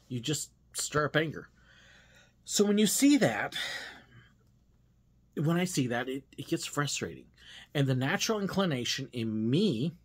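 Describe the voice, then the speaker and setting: A man's voice: mid-range voice, husky. A man hosting a devotional podcast, speaking in an earnest, self-searching monologue with frequent hesitations.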